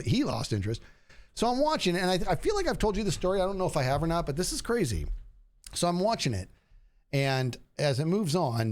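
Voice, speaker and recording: A man in his forties telling stories in a relaxed casual chat, using "dude" and "bro" a lot. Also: mid-range voice. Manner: animated storyteller, says "dude" a lot. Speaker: streamer.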